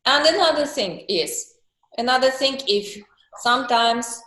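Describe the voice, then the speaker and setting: Woman coach on a group call, talks slow and earnest, kinda high voice, echoey room. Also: lively intonation, fairly bright tone. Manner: slow, earnest, acts out emotions in little voiced monologues. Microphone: video call.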